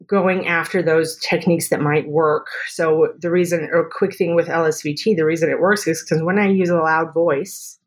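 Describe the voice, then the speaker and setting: A woman speech therapist talking through her methods in a podcast interview, chatty and full of quick examples. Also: sits low, fairly even intonation.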